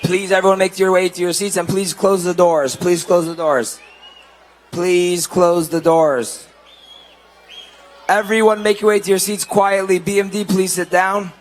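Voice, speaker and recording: A man's voice: sits high, steady tone, measured pace, poor audio. A man emceeing a banquet, repeatedly urging everyone to take their seats before introducing the entertainment. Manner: repeatedly urges the crowd to sit, building up the introduction. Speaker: event emcee. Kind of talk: announcing at a banquet.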